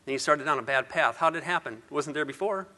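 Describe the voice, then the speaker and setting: A middle-aged man speaks to an audience, earnest and personal, stumbling over repeated words as he builds toward his point. His tone is bright and ringing, pitched a little high for a man, and he leans on rhetorical questions. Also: fast. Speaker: motivational speaker. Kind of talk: personal story speech to an audience.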